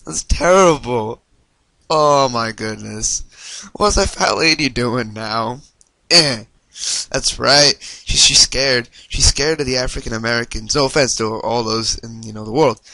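A man gives excitable let's-play commentary, yelping and swearing at every mishap. His voice is bright and forward, and his pace is unhurried. The recording is dry and close. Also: mid-range voice, creaky, no room sound. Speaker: gaming video host.

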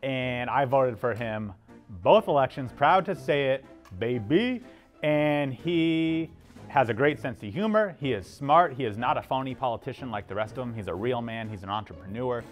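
A man's voice: mid-range voice, lively intonation, normal speed, soft background music. A man on a comedic dating show, giving boastful, over-the-top praise. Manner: boastful, exaggerated.

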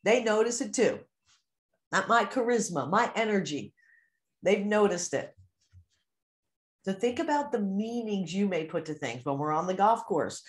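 A woman mindset coach giving an animated teaching talk to a course group, acting out the inner voices people hear. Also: fairly low pitch.

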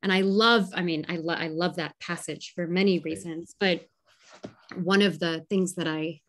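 A woman scholar on a video call, chatting with quick jokes and reading a literary passage aloud slowly. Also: on the low side. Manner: animated, joking, reads literary passages slowly. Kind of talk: casual conversation and reading aloud.

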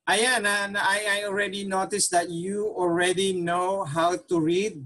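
A man's voice: high voice, a bit bright. A man with a Filipino accent, a native Tagalog speaker, teaching a patient online language lesson and checking in with "okay?" after nearly every point.

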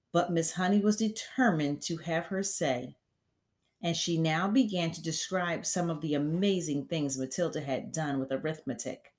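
A woman teacher reading a children's novel aloud to her class in a measured storytelling manner. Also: deep voice, a little mellow. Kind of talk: chapter read-aloud for a class.

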